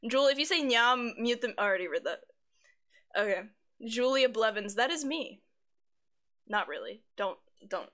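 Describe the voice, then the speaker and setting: A woman's voice: a little high, animated, moderate pace, pauses often, a bit bright. A woman live streamer in casual chat, reading her chat aloud, swearing freely and giggling often. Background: faint background music.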